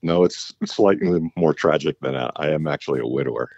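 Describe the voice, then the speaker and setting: Very deep-voiced wry male guest. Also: brisk, creaky, a little mellow, no echo, muffled recording. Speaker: podcast guest. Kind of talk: casual chat.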